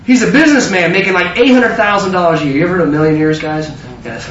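A man preaching a sermon full of stories, animated and stumbling over repeated words. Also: fairly high pitch, fast talker. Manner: animated, self-interrupting with repeated words and laughs. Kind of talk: sermon with storytelling. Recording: distant roomy mic, slightly dull.

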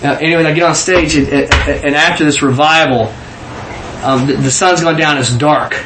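Male preacher, fairly high voice, lively storytelling sermon, echoey room with faint noise. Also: moderate pace. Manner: animated, repeats words when excited, southern 'y'all'. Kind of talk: informal sermon with testimony.

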